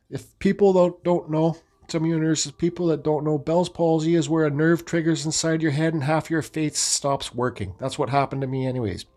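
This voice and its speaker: A man's voice: a little high, steady tone, moderate pace, hardly any pauses, darkish tone, soft background music. Man rambling through a personal story. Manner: rambling, repeats himself, swears freely; frequent restarts and fillers like "I says" and "like". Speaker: vlogger telling his own story.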